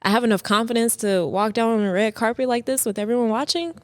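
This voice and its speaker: A young woman, a podcast guest, talking casually about her modeling start, relaxed and giggly, with many fillers. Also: fairly high pitch, fast talker, dry recording. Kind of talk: casual interview chat.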